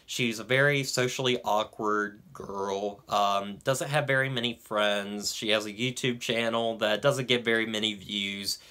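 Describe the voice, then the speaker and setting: A man's voice: on the low side, sharp tone. A young man giving a casual film review, hesitant, with frequent ums and restarts. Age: young adult.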